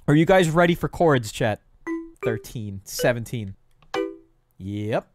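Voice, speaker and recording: A young man chatting loosely to his stream while he builds, his voice sitting at an everyday middle pitch. He drifts into self-mocking jokes and mutters counts to himself. Faint music plays quietly beneath him. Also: animated, takes it slowly. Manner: jokey rambling, self-mocking asides to chat; counts out loud under his breath. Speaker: gaming streamer. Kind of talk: casual live-stream commentary while building.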